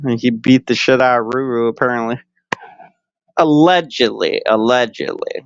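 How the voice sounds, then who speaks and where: A man's voice: medium pitch, monotone, fast talker, a little hiss or hum. A man streaming casually, rambling crudely with lots of fillers and frequent laughs. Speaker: live streamer. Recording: dull lo-fi stream audio.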